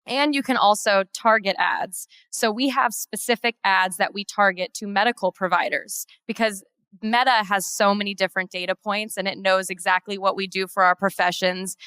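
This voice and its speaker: A woman's voice: medium pitch, fairly even intonation, normal speed, pushed and bright, clean tone, no echo. A woman heading marketing for a law firm, giving an organized, businesslike conference presentation.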